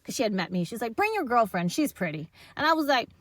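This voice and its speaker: A woman guest on a podcast, telling her story in a casual, animated way, acting out the people she quotes and laughing often. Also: fairly high pitch, fast talker, no room sound.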